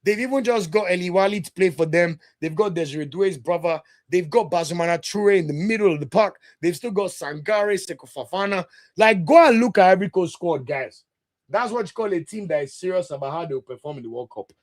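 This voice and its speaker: A man's voice: high voice, animated, fairly quick. A man hosting a live football watch-along, ranting bluntly and passionately while speaking directly to his chat, with a delivery his family compares to a preacher's. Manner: sermon-like delivery. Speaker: football podcast host.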